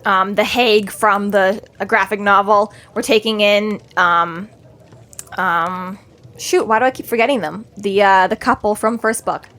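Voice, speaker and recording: A woman's voice: mid-range voice, fairly even intonation, a little slow, fairly bright tone. A young woman co-hosting a casual book podcast, who acts out the characters' lines with swearing and laughter. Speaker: podcast co-host. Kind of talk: casual book discussion chat.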